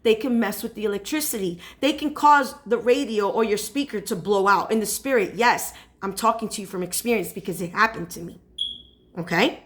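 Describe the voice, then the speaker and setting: A woman's voice: medium pitch, fairly quick, fairly bright tone. A woman speaking as a spiritual advisor in a casual preaching monologue, who keeps checking in with her listeners by asking "okay?".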